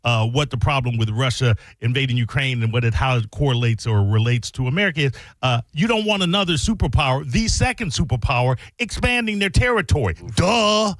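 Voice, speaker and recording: A man co-hosting a radio talk show, arguing his point in an animated, sarcastic way. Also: mid-range voice, quick pace, hardly any pauses, no room sound. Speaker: radio co-host.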